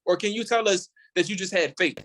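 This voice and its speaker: A man in a radio studio, a guest sports podcaster making his case with energy. He restarts and repeats words as he works through his argument. His voice sits a little high for a man. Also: fairly quick. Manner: animated and opinionated, repeats words while building a point. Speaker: podcast host, guest on the show. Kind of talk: casual sports radio talk.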